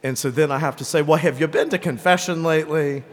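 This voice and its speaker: A man's voice: fairly high pitch, fast. A man preaching a sermon as a priest, talking conversationally and often checking in with "right?" and "okay?". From Greenville, South Carolina. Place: church. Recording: long church reverb.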